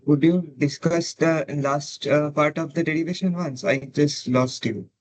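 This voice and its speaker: A man's voice: a little high, steady tone, a little slow. A man attending an online tutorial as a student, asking short, hesitant questions about a derivation.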